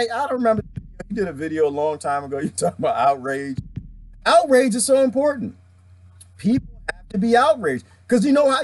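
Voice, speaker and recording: A man in a casual live-stream chat with a lively, swooping delivery that stays somewhat high for a man. He rambles and hammers his points with repetition. Music plays clearly behind him. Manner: rambling, emphatic, repeats himself. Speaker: vlogger reading viewer comments.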